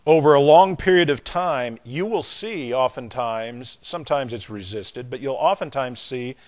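Preaching in a Southern American accent, the older man uses a mid-range, expressive voice. Key words get hard emphasis and repetition as the argument builds, and his drawn-out, emphatic style surges louder on them.

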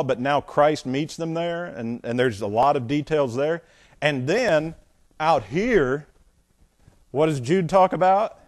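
A man teaching the Bible in a sermon style, animated and digressive, often asking his listeners questions. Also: fairly high pitch.

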